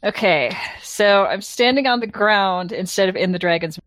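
A woman's voice: mid-range voice, moderate pace, a bit bright, a little hiss or hum. A woman playing a tabletop game in an easygoing, giggly way. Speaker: player. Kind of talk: casual tabletop game play.

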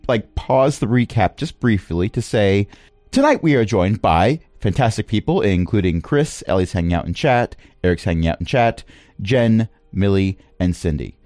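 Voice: low voice, lively intonation, normal speed, a little mellow, dry recording, clean studio sound. A game master narrating the adventure and hosting the stream, with a wry, playful manner.

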